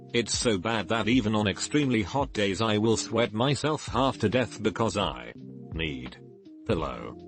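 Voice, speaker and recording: A man narrating a series of online posts in an even, read-aloud delivery. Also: lowish voice. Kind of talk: scripted narration.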